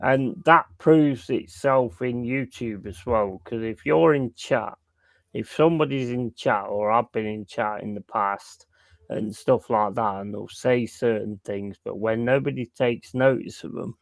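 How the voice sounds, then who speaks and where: A man's voice: medium pitch, a little slow, gravelly, no echo. A man hosting a casual chat, blunt and swearing freely. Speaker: host.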